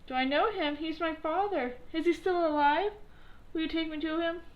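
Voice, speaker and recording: A woman's voice: very high-pitched, normal speed, highs cut off, voice pushed up. A woman voicing a distraught young wooden puppet boy in a storybook reading, talking in a pleading, tearful way. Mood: eager.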